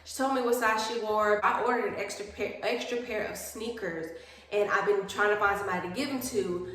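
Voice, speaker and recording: Young woman, chatty vlogger, animated storyteller; recorded on a phone in a very echoey room. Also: mid-range voice, brisk. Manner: animated, acts out quoted people. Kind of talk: chatty storytime while doing skincare.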